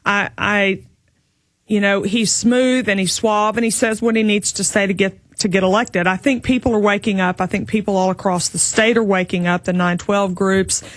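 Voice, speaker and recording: A woman from Texas speaking as a political candidate in an interview, her voice mid-pitched for a woman. She delivers her answers assertively, like a stump speech, in a dry, close recording. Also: steady tone, moderate pace, dry recording.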